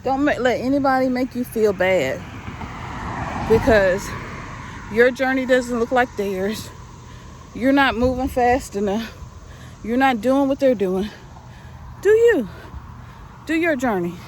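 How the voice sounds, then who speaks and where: A middle-aged woman, a little breathless, walks along a residential street recording a casual, upbeat motivational vlog and hammers her points home with preachy repetition. Her voice is slightly high and a bit slow, with frequent pauses. Faint street noise can be heard in the background.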